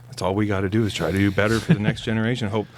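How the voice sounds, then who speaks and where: A man chatting as a podcast guest, telling family stories in a rambling, halting way full of fillers. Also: on the low side, little pitch movement, a little hiss or hum. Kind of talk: casual chat.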